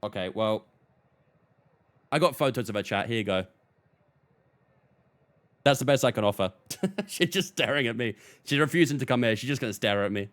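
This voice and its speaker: A man's voice: mid-range voice, expressive, moderate pace, long pauses, a bit bright. A man streaming a racing game, chatting casually with his viewers. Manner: chatty, talks to chat, often laughs off.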